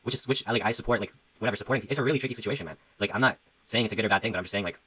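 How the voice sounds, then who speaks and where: A man's voice: lowish voice, racing, fairly bright tone, slightly rough, no room sound, rough recording. A young man who talks casually and profanely as he rambles on a livestream, reading out donations and musing about his music. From Canada.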